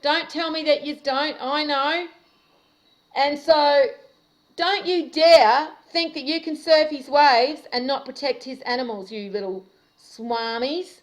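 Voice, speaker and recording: A woman's voice: sits high, steady tone, slow, low-quality recording. An Australian woman delivering a profane, confrontational monologue to camera in an angry rant. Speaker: video commentator.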